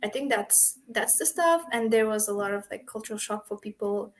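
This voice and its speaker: A young woman in her twenties, from Kazakhstan, telling personal stories in an interview in English, animated, laughing and acting out the conversations. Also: medium pitch, a little fast. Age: 20s. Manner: animated, laughing, acts out quoted exchanges; non-native English, frequent "like" fillers. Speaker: guest. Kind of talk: casual interview storytelling.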